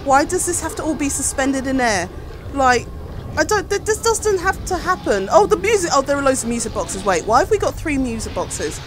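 A woman's voice: high voice, sing-song, brisk, soft background music. A frightened woman streamer giving a panicky, pleading running commentary as she plays, swearing as she goes. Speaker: gaming streamer. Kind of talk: reactive gameplay commentary.

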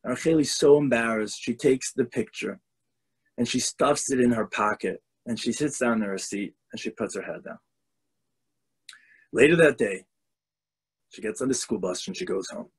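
Husky animated storytelling rabbi. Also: male voice, medium pitch. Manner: animated storyteller, shifts voices for characters. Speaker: rabbi and lecturer. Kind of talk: storytelling lecture. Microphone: video call.

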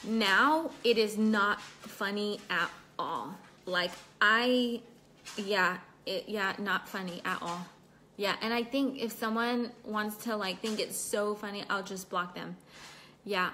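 Young woman, casual livestream chatter, mid pitch, talks to her comments. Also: a bit bright, a little hiss or hum. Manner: chatty, reads and answers live comments, laughs often.

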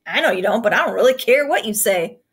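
A woman reading aloud as a rude, defiant teenage boy bully in a storybook scene, shouting and dismissive. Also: high voice, big pitch swings, moderate pace, breathy edge, heavily acted.

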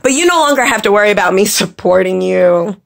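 Speaking at mid-range pitch, this woman sounds expressive and a little fast, with some creak in her voice. She's a makeup teacher and vlogger delivering a casual, angry rant to camera, swearing bluntly, scolding, and hammering words by repeating them.

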